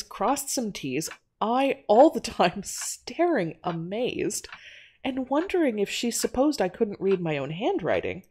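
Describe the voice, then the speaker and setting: A woman voicing a brisk, sardonic young telegraph operator with a wry, slightly exasperated manner, in an audio drama reading. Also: fairly high pitch, a little mellow, breathy edge, pitched above the performer's own voice, exaggerated voice.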